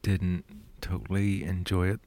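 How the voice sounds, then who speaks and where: A man on a film podcast panel, hesitant and soft-spoken. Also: low-pitched, flat delivery, unhurried, no echo. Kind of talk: casual film discussion.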